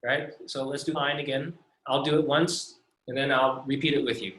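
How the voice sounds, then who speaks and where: A man's voice: mid-range voice, steady tone, a bit bright, reverberant. A man teaching an online language lesson, drawing out each sound and having students repeat after him. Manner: slow, patient, drawn-out syllables. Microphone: video call.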